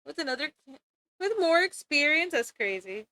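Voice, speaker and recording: A woman's voice: high-pitched, big pitch swings, moderate pace, pushed and bright. A young woman streamer chatting casually while drawing, rambling and giggling, with casual swearing.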